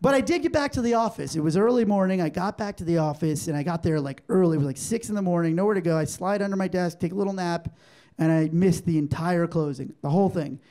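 High-voiced male stand-up comic, animated. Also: fast. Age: 40s. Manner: animated storytelling, acting out quoted exchanges. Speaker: stand-up comedian. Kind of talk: stand-up comedy set. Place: comedy club stage before a live audience.

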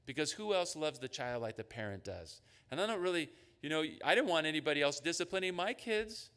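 A man preaching a sermon as a pastor. He talks in an animated way and acts out the voices of God and his listeners. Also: fairly high pitch, long reverb tail. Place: church sanctuary.

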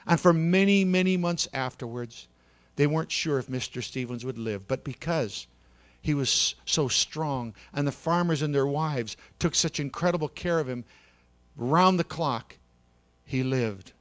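A man telling a story in a sermon with great drama, swinging from loud, urgent bursts to hushed near-whispers. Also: fairly high pitch, unhurried. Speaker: pastor. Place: church sanctuary.

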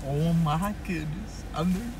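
A man's voice: on the high side, measured pace, background noise. A young man talking casually to his viewers from inside a car, joking and laughing as a vlogger. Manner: playful, laughing, addressing viewers as guys. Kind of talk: casual vlog chat.

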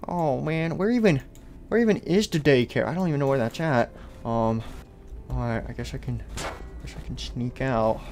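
A man's voice: mid-range voice, normal speed, darkish tone, a little hiss or hum. A man mumbling hesitantly through a game roleplay, full of ums and restarts. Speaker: roleplay youtuber playing the boy hero.

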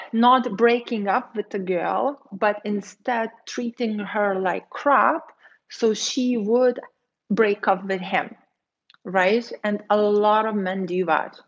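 A woman dating coach talking casually on a livestream, chatty and quick, acting out the voices she quotes. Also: medium pitch, highs cut off. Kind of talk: casual livestream advice, reading viewer comments.

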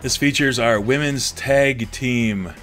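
Over soft background music, a gameplay streamer with a mid-range, fairly bright voice plays a wrestling game while slowly delivering mock announcer commentary. He hams it up as a theatrical announcer, calling viewers folks and acting emotional.

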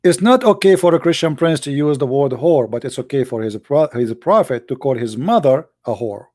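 Here the host's voice is warm, mid-range and expressive, moving at a moderate pace in a studio recording with no echo. Speaking broken English, the English-speaking man hosts a debate show and fights a heated religious argument with sarcasm and combativeness, repeatedly restarting phrases.

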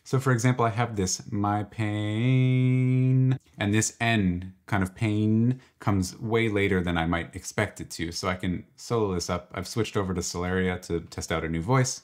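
A man with a low voice walks through music software step by step. He talks in a relaxed, exploratory way, thinking aloud as he clicks. It sounds like a screen-recorded tutorial. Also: normal speed, few pauses. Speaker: tutorial presenter. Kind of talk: software walkthrough.

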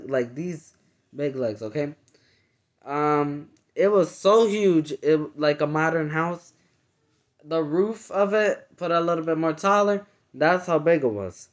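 A man earnestly recounting a dream in casual, halting speech full of fillers and restarts. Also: fairly high pitch. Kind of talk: casual personal storytelling. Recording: dull lo-fi sound.

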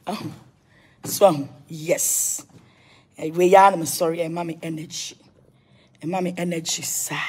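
A Ghanaian woman with a husky, lowish voice vlogs casually from home, giving viewers a tour. She chats freely in a loose blend of Twi and English and blesses her audience.

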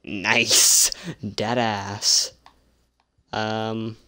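A young man with a lowish voice talks slowly and loosely while playing a horror game. He is sarcastic, easily spooked and swears constantly. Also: little pitch movement, bright, forceful tone. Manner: swears a lot, jumpy and sarcastic. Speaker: gameplay streamer. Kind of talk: casual gameplay commentary.

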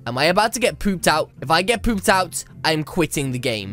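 A woman's voice: low-pitched, very animated, brisk, few pauses, fairly bright tone, faint music behind. A woman making a gameplay video, narrating with dramatic commentary, scolding other players and letting out yelps and shrieks.

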